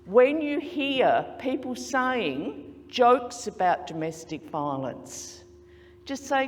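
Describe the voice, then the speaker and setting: Slow, earnest Australian woman in a hall. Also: fairly high pitch, big pitch swings. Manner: earnest, emphatic, persuasive. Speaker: speech contestant. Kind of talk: prepared contest speech. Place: large conference hall.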